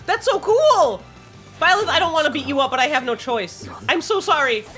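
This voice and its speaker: A woman giving excitable let's play commentary, swearing a lot and shrieking when panicked. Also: high-pitched, normal speed, faint music behind. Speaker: gaming streamer.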